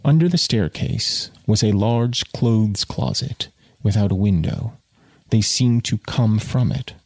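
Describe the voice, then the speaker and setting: Gravelly man reading a novel aloud. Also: fairly low pitch, slow pace, no echo. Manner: wry asides, conversational.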